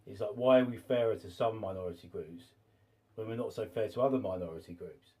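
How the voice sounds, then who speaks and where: A man's voice: lowish voice, fast, a little mellow. A man arguing his point in a casual debate, emphatic and repeating words as he pushes on. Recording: voice a little far from the mic.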